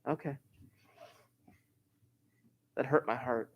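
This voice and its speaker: A male math teacher leads a live online algebra lesson. He explains each step plainly and mixes in jokes and banter with the class. His pitch sits at an ordinary middle height. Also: steady tone, takes it slowly, dull audio. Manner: joking, chatty, talks back to students.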